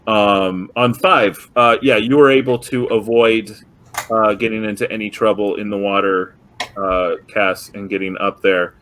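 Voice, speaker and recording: A man's voice: fairly low pitch, steady tone, measured pace, a bit bright, poor audio. Man running a tabletop game. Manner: hesitant, many ums and restarts. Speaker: game master.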